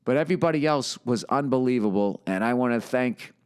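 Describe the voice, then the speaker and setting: A man in his fifties tells a story as a podcast host. He rants in a profane, sardonic way. His voice sits at an ordinary middle pitch. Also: fairly quick, a little mellow, smooth. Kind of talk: casual storytelling monologue.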